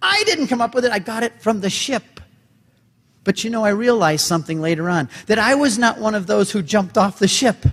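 A man giving an animated talk to a gathering, telling a story and acting out the dialogue with different voices. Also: sits high, fairly quick, slightly rough. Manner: dramatic, acts out dialogue with voices. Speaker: speaker and convert giving a talk. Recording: long hall reverb.

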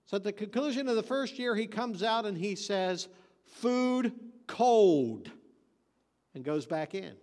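A man's voice: high voice, fairly quick, few pauses, in a large hall. A man preaching a sermon, telling folksy stories and joking, then hammering points home with emphatic repetition. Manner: folksy storytelling with joke delivery.

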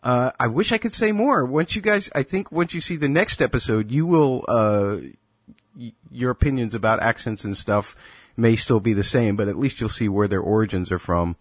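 A man chatting casually about a show in a wry, animated way. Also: mid-range voice, moderate pace, husky, dry recording. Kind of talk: casual chat.

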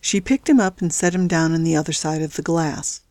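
A woman reads a thriller story aloud in a fairly low voice. The sound is dry and close, with no room around it. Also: steady tone, brisk, darkish tone, dry recording. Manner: reads all characters with small pitch shifts. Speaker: audiobook narrator. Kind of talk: scripted narration.

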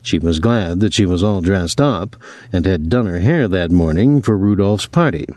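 Low-voiced male audiobook narrator. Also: expressive, moderate pace, darkish tone, dry recording, clean studio sound. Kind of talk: scripted narration.

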